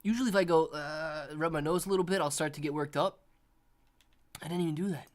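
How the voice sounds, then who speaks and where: A man's voice: fairly high pitch, quick pace. A man hosting a casual livestream, rambling to his viewers while coughing and sniffling from allergies. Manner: rambling, animated, talks to viewers. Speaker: livestream host.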